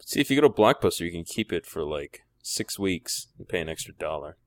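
A man's voice: low voice, big pitch swings, a little fast, no echo. A man co-hosting a podcast in casual chat, explaining things in a matter-of-fact way. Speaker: podcast co-host.

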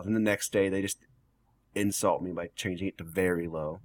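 A man's voice: sits low, a little fast. A man co-hosting a podcast in casual chat, joking and laughing often. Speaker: podcast co-host.

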